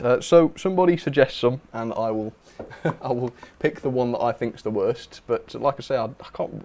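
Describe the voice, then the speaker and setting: A young man hosts a casual livestream in a mid-pitched, easygoing voice. He rambles warmly through viewer comments, with plenty of "uh"s and little laughs. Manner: chatty, reads viewer comments aloud, frequent fillers and laughs. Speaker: livestream host. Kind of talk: casual live chat.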